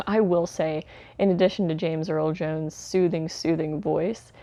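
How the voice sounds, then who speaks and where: Gravelly, low-voiced woman reviewing films. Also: fairly even intonation, unhurried, dark tone, no echo. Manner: chatty, many fillers like "um" and "like"; candid, mildly sardonic asides. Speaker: home video reviewer. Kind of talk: casual spoken film review.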